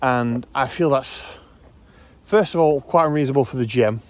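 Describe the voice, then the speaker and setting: A man hosting his own video channel, giving rambling, casual commentary outdoors, correcting himself often and filling pauses with ums. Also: mid-range voice. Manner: rambling, self-correcting, hesitant fillers. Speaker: YouTube host.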